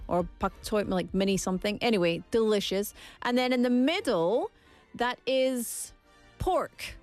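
A woman's voice: medium pitch, moderate pace, a little mellow, soft background music. A young woman from Scotland hosting a casual vlog segment, playful and theatrical. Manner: playful, theatrical, shifts into silly voices. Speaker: vlogger.

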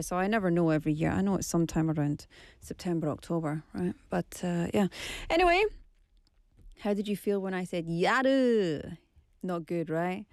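A woman's voice: medium pitch, darkish tone, dry recording, clean studio sound. A middle-aged woman hosting a casual radio show in a playful, chatty way, mixing in Korean words. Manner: chatty, playful, switches between English and Korean. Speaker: radio host. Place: radio studio. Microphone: studio microphone.

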